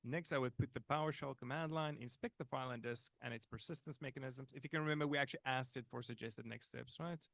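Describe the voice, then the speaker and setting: A man's voice: mid-range voice, quick pace, creaky, hardly any pauses, fairly bright tone, no room sound. A man teaching a live conference workshop, talking in a casual, chatty way with fillers and restarts. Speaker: workshop instructor. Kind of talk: live technical workshop talk.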